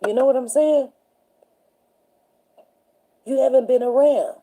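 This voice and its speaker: Husky, very dark-voiced middle-aged woman. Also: high-pitched, measured pace, low-quality recording. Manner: rambling, storytelling, often asking "you know what I'm saying". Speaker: host of a live talk show. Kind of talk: casual livestream chat.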